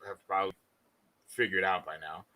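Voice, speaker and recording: A man's voice: deep voice, steady tone, moderate pace, sharp tone. A young man on a podcast, speaking in a loose, rambling way with a dry sarcastic edge. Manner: loose and rambling, many fillers, dryly sarcastic. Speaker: podcast co-host. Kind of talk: casual podcast chat.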